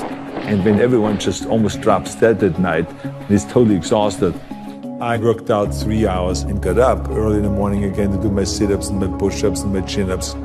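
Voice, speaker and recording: An older man with a German accent delivers motivational lines with heavy emphasis, often repeating a phrase to drive it home. His voice sits on the lower side, and faint music plays underneath. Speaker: public speaker. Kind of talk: motivational speech clips.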